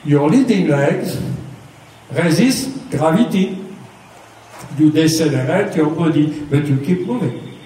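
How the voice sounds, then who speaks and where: A man teaches riding, patient and methodical, checking in often. His voice is mellow and a bit higher than most men's. He sounds far from the mic in a very echoey space with a faint hiss behind. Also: lively intonation, slow pace, long pauses. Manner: patient, explains step by step, often checks "okay?". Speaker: riding instructor. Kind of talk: hands-on riding lesson.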